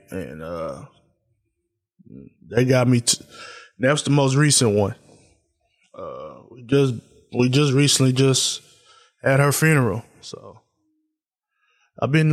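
Young male podcast host, solo, loose and candid, subdued and reflective, medium pitch. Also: darkish tone. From Tennessee. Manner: loose and candid, many fillers like uh and man. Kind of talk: solo casual podcast talk.

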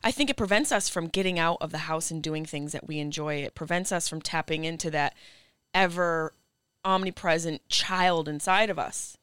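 A woman speaks as a podcast guest in casual chat. She is earnest and reflective, and turns emphatic when pressing a point. Her voice is lowish and smooth, with a dry, close sound. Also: moderate pace, a bit bright, no echo.

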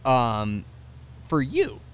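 A male podcast host with a lively, animated pitch who trades teasing banter and asks questions. His voice sits in a middle register, with faint noise under it. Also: extremely slow. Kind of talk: casual chat.

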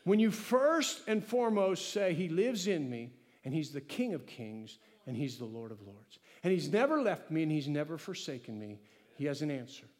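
High-voiced preaching pastor in a reverberant hall. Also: male voice, normal speed. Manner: animated preaching, acting out dialogues with God. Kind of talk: sermon.

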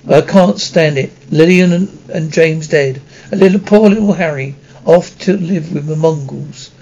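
A man voicing a big, soft-hearted male giant groundskeeper in an audiobook reading, gruff and tearful. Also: fairly high pitch, normal speed. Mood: upset. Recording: dull lo-fi recording.

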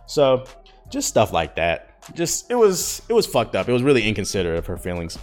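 A man's voice: fairly low pitch, huge pitch swings, fairly quick, soft background music. A man in his thirties hosting a podcast, rambling and cursing freely as he vents in a candid, emotional way. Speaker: podcast host. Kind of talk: casual podcast monologue.

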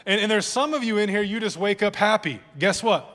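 A man's voice: sits high, animated, fairly quick, fairly bright tone, big-room sound. A male pastor preaching a sermon in a church, talking casually, repeating words and joking with his listeners. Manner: conversational preaching with repeated words and audience jokes. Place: church hall.

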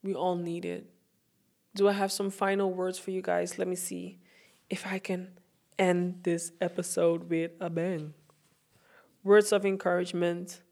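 A woman's voice: lowish voice, little pitch movement, a little slow, darkish tone. Earnest woman hosting a motivational podcast. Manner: earnest, heartfelt, repeats phrases for emphasis. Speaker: podcast host. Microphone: self-recorded.

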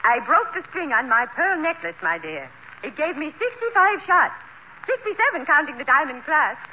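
An actress playing a prim, genteel society matron, speaking with refined, affected diction in a 1940s radio comedy. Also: female voice, high voice, very animated, moderate pace, muffled recording. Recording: old radio recording with hiss.

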